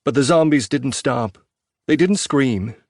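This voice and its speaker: A man reads a post-apocalyptic audiobook in a measured, even narration at a middle pitch. The recording is dry and close, with no room sound. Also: no room sound.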